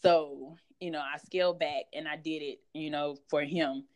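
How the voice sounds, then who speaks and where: Woman, guest author; candid, conversational, low-pitched, lots of fillers. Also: fairly even intonation, normal speed. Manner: frank, chatty, many fillers.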